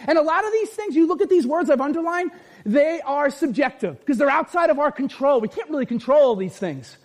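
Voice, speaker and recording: Man preaching with shouted emphasis. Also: very high-pitched, brisk. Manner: animated, often shouting for emphasis. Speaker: pastor. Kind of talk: sermon.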